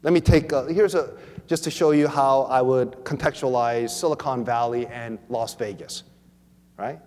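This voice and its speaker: A man giving a teaching talk to a church audience, animated, often repeating words and acting out quoted voices. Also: medium pitch, normal speed. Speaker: preacher. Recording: long hall reverb.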